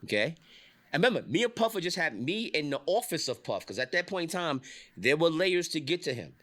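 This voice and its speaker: A middle-aged man telling a casual industry story, swearing, laughing often and acting out the people he quotes. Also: a little fast. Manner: animated, swearing, acts out quotes with big pitch jumps, laughs often. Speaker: podcast host telling industry stories.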